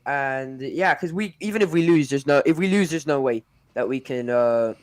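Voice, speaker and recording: A man's voice: mid-range voice, animated, moderate pace. A man from America co-hosting a football fan show, talking in a rambling, exasperated way with frequent restarts. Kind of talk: casual fan chat.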